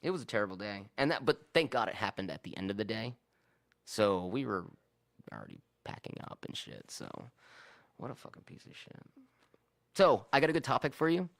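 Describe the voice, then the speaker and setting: Profane, animated man telling stories. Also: lowish voice, a little fast, gravelly. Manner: animated, profane, acts out both sides of arguments. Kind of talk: casual storytelling chat.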